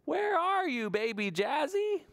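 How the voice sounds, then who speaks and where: A man voicing an anxious mother searching for her baby in a picture-book read-aloud for toddlers, calling out slowly and drawn-out. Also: extremely high pitch, sing-song, fairly bright tone, no echo, pitched above the performer's own voice, full character voice. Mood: worried calling.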